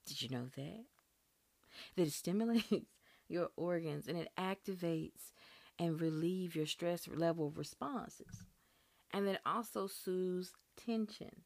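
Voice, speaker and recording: Gravelly low-voiced woman podcast host. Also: slow, dry recording. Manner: earnest, chatty, encouraging. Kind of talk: casual solo podcast talk.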